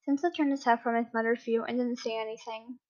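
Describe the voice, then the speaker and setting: A woman's voice: a little high, fast talker. Woman reading a story, lo-fi. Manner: steady with occasional self-corrections. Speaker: reader. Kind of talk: reading fan fiction aloud.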